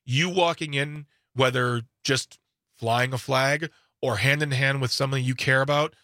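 A man's voice: medium pitch, fairly even intonation, unhurried, sharp tone, no echo, clean studio sound. A man in his forties co-hosting a radio show, jokey and self-deprecating in casual banter. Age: 40s. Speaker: radio co-host.

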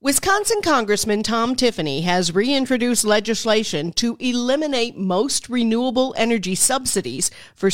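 Woman radio newsreader, steady measured read, dry studio sound. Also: medium pitch, no room sound. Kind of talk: scripted news read. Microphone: studio mic.

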